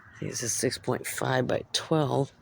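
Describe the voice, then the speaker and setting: A woman from Central California vlogging on a handheld phone outdoors at a train station after dark, musing aloud as she describes what she sees. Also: rumbling low, steady tone, measured pace, creaky, a little hiss or hum. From Central California, United States. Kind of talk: casual walking vlog, narrating what she sees.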